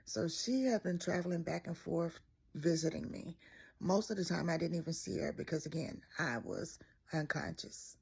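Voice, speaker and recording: A woman's voice: lowish voice, moderate pace, vocal fry, darkish tone, husky. A young woman from Mississippi, telling a personal story in a candid, emphatic way.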